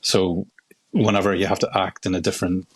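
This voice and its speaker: A man from Belfast with a husky, fairly low voice chats as an actor guest in an interview. He talks in a rapid, animated way, doubling back on his words as he tells stories. The recording is dry and close. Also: dry recording. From Belfast, Northern Ireland. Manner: rapid, animated storyteller with many restarts. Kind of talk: casual interview chat.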